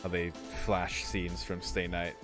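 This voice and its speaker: A man reads a visual novel aloud for his let's play, mixing the narration with casual, sometimes profane reactions. His voice sits low, and faint game music plays underneath. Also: completely flat delivery, unhurried. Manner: casual, swears, breaks off to react.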